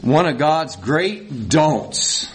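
A man preaching a sermon in a folksy, animated way, rising to high emphatic peaks. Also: extremely slow. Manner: folksy, says y'all.

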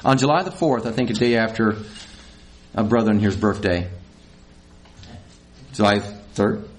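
A man preaching a sermon in a folksy, animated way, rising to high emphatic peaks. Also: moderate pace. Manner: folksy, says y'all.

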